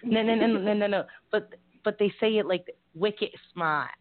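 A woman's voice: mid-range voice, steady tone, a little fast, no room sound. A woman with a Boston-area Massachusetts accent co-hosting a casual live talk show, rambling, frank and giggly. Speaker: co-host. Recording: tinny phone-like audio.

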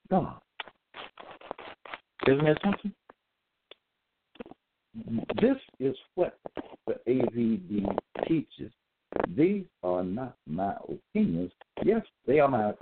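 A man's voice: fairly low pitch, slight background noise. A man giving a solo lecture, reading out verses, repeating his points and asking listeners whether they got it. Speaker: self-styled preacher. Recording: tinny phone-like audio.

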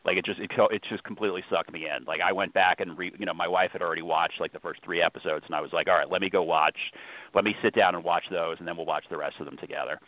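Low-voiced man hosting over a phone line. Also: fairly even intonation, fast. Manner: rambling, self-interrupting. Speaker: host. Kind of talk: casual podcast chat. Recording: tinny phone-line sound.

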